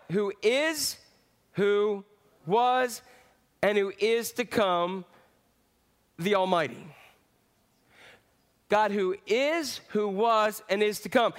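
A pastor preaching with a fairly high, animated voice. He calls out to the congregation, then drops to quiet, reflective moments as he talks through scripture. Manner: lively preaching with swings from loud to hushed. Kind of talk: sermon.

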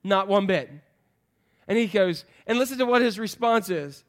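A pastor with a voice that sits high speaks at normal speed, keeping his sermon chatty and full of jokes. Along the way he quizzes the congregation.

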